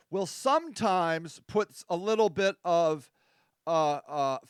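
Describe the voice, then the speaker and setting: A man with a high, resonant voice hosts a loose live-stream chat, reading viewer comments aloud. He rambles, fills gaps with ums and uhs, and pokes fun at himself. The sound is dry and close. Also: clean tone, no room sound. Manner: rambling and self-deprecating, with many fillers. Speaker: host.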